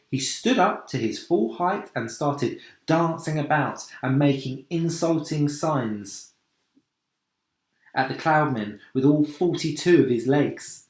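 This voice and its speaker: A man, a teacher, reading a children's book aloud in a slow, expressive storytelling voice. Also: a little high, reverberant.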